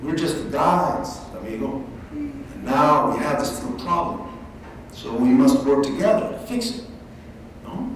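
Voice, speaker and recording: A man's voice: fairly high pitch, sing-song, a little slow, pauses often, slight background noise. A man putting on a sly, coaxing smuggler. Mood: hushed. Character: smooth-talking male people smuggler, wheedling. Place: large library event hall. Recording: echoey hall, mic from far off.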